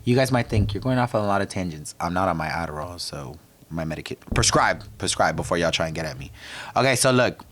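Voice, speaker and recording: A man's voice: low-pitched, animated, fast, noisy background. Sassy, profane young man ranting. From DMV area, US. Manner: sassy, profane, tangent-prone storytelling. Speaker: podcast host. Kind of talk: profane comedic rant.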